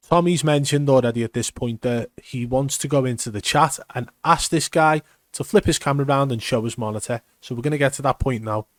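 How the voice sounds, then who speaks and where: A man talks over game footage and explains each move with insistent emphasis. His voice sits at an ordinary pitch and is recorded close and dry, with no room sound. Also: dry recording. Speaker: gaming commentator. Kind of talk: video breakdown commentary.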